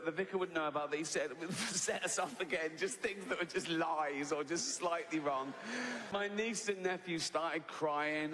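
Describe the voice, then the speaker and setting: An English man in his sixties doing a stand-up routine, swearing freely, tagging lines with "right?" and laughing at his own story. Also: fairly high pitch. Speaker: stand-up comedian. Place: large theatre stage. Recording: reverberant live venue, faint ambience.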